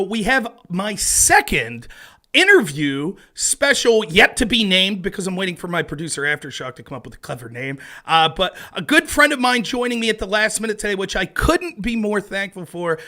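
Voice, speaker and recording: A man's voice: high voice, expressive, moderate pace, pushed and bright. A man hosting a casual podcast chat, talking in a jokey, self-deprecating way. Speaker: host.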